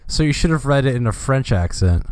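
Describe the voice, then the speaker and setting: A man's voice: medium pitch, expressive, brisk, darkish tone, dry recording, clean studio sound. Laid-back man joking along. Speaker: podcast co-host. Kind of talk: casual banter.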